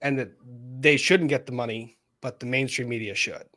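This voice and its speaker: A man with a medium-pitched voice hosts a live commentary chat, cutting in to react and keep things moving. He rants with animated energy and speaks straight to his audience. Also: normal speed. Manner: animated, interrupts, ranty, talks to viewers. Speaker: livestream host.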